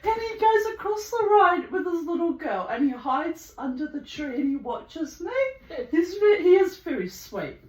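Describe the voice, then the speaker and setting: A woman's voice: high voice, big pitch swings, moderate pace, a little mellow, reverberant, poor audio. A woman vlogger telling stories casually from a room at home full of bird cages, laughing often and acting out the people in them. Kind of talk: casual storytelling.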